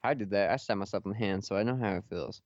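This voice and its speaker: A man's voice: fairly low pitch, fast, darkish tone, dry recording, muffled recording. A young man hosting a casual podcast, swearing and laughing as he tells stories. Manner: profane, laughing storyteller. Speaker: podcast host.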